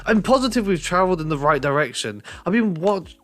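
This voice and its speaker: A man's voice: high voice, expressive, a little fast, a bit bright, voice pushed up. A man voicing a confident, bossy girl twin who gloats over her brother.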